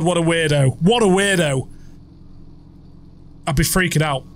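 A man's voice: high voice, a little slow, fairly bright tone. A young man playing a horror game on video, reacting with startled swearing and muttered comments. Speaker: gaming YouTuber.

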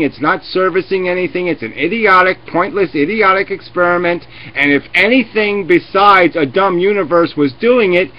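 A profane ranting man on a lo-fi stream. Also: high voice. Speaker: host of a live video chat. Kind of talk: heated live debate. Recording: lo-fi webcam stream audio.

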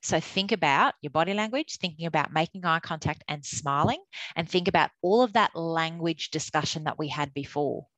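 A middle-aged woman, an umpires manager giving a candid, animated webinar talk. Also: sits low, no echo, rough recording. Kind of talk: webinar presentation.

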